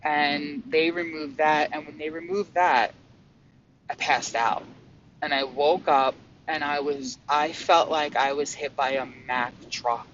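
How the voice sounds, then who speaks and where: Excitable man with a dull, hazy recording. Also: on the high side, unhurried. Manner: excitable, swearing, stammering restarts. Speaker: spiritual vlogger. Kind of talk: casual monologue about spiritual experiences. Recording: dull lo-fi sound with faint hum.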